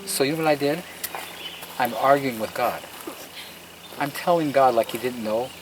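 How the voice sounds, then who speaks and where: At normal speed and in a mid-range voice, a man shows off his garden on an outdoor tour, casually telling earnest, emphatic stories sprinkled with preacher-like asides. Outdoor noise comes through on this field recording.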